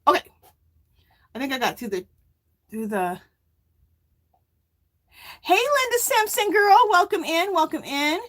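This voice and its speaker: A middle-aged woman hosting a casual live stream, chatting and reading viewer comments aloud in a warm, emotional way. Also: on the high side. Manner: warm and emotional, near tears.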